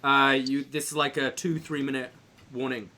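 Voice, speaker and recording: A man hosting a casual live podcast stream, steering the chat with easygoing "uh"s and "um"s. His voice is bright and forward, and it stays at a middle pitch. He sounds relaxed and loosely organized as he keeps things moving. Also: normal speed. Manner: easygoing, hosting with many fillers. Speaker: podcast co-host.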